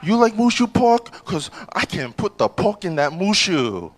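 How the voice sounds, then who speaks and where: A man's voice: sits high, big pitch swings, pitched above the performer's own voice, exaggerated voice. A comedian putting on a sleazy, overconfident male flirt with a Chinese accent, purring smarmy pickup lines in a stand-up bit. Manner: smarmy, teasing pickup lines, drawn-out questions.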